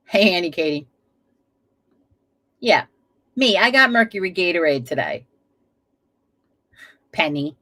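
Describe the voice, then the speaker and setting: A woman's voice: on the low side, expressive, slow, pauses often, sharp tone. A woman hosting a casual live stream from home, chatty, laughing often and swearing freely. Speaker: livestream host. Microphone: webcam setup at a desk.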